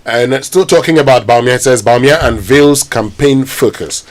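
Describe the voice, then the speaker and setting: A man's voice: medium pitch, fairly quick. A man with a Ghanaian accent hosting a morning radio show, chatting and reading headlines in a conversational way. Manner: conversational, reads headlines aloud. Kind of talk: casual radio talk and newspaper review.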